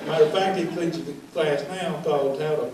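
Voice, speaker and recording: A man's voice: a little high, a little fast, very noisy. An older man telling folksy, wry roast stories about his old coach, laughing through the punchlines. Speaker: roast speaker, former player. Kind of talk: comedic roast storytelling. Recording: echoey hall, mic at a distance.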